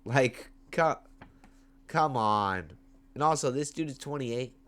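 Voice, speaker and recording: A man with a mid-range voice delivers fight picks slowly on his own MMA show, shot at home on a webcam or phone. The commentary is laid-back and slangy yet hyped, with loudness swinging widely.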